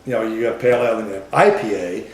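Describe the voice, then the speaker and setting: A man's voice: lowish voice, rapid-fire, darkish tone. A man co-hosting a beer show, describing aroma and flavor in casual chat. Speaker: beer podcast co-host. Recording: echoey room with faint noise.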